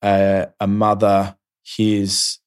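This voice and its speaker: A man interviews a guest, his voice sitting a little low. He asks brief, prompting questions and nudges the talk along with short remarks. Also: monotone, extremely slow, clear, resonant tone.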